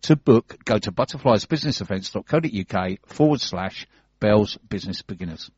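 A man's voice: lowish voice, lively intonation, fairly quick, darkish tone, husky, no room sound, muffled recording. A man with a London accent co-hosting a radio show, chatting and joking as he reads out business event listings. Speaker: radio co-host reading business news. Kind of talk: casual radio chat and listings reading.

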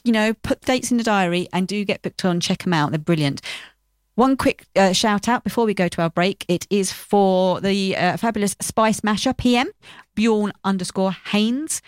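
A woman's voice: mid-range voice, moderate pace, clear, resonant tone, no room sound. A woman hosting a radio show from the studio, running through upcoming events in an upbeat, chatty, promotional way.

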